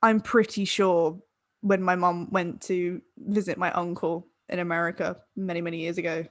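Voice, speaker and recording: A woman's voice: fairly low pitch, little pitch movement, normal speed, a bit bright, no echo, studio quality. A tipsy woman from England co-hosting a podcast, rambling in casual chat and laughing mid-sentence. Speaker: podcast co-host.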